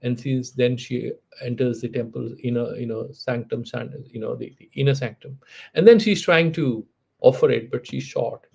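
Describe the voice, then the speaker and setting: Gravelly, husky male storyteller. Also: mid-range voice, normal speed, a little mellow. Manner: conversational, with frequent "you know" fillers and restarts. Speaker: spiritual teacher. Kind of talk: storytelling lecture on philosophy.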